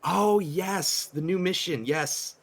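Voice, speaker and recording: An excitable churchgoing woman, as a man puts her on during a tabletop game, gushes in a breathless, halting rush. The voice sits a little higher and brighter than a plain male speaking voice. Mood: gushing. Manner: breathless, effusive, hesitant with many fillers. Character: gushing, excitable female churchgoer friend.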